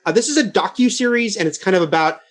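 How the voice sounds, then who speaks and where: Male panelist, high register, loose and chatty delivery. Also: fast, a bit bright. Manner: loose, filler-heavy, chatty. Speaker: entertainment panelist and interviewer. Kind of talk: casual chat.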